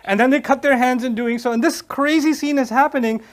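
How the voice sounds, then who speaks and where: Male Islamic lecturer, animated storyteller, fast and high-voiced. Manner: animated storyteller, acts out scenes, laughs. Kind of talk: Quran lecture with retold scenes.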